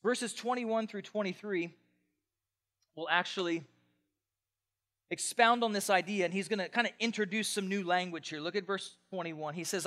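High, bright-voiced man preaching a sermon. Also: normal speed, pauses often. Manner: conversational, swings from quiet asides to excited shouting. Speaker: pastor.

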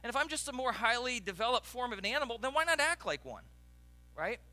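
A male pastor delivers a morning sermon in a loose, conversational way, stopping to restart phrases and talk straight to the congregation. His voice sits high for a man and sounds sharp and very bright. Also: very animated, fast. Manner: conversational, with many restarts and asides.

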